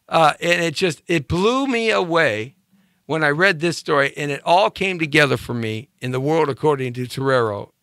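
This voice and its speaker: High lively guy hosting his show, pounding questions over and over, dry close mic. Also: normal speed, dry recording. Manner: emphatic, rhetorical, repeats questions. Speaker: show host. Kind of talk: opinion monologue.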